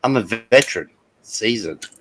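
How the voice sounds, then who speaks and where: A middle-aged Australian man hosting a casual livestream, loud and brash and swearing freely. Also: fairly low pitch, expressive, measured pace, poor audio. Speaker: stream host.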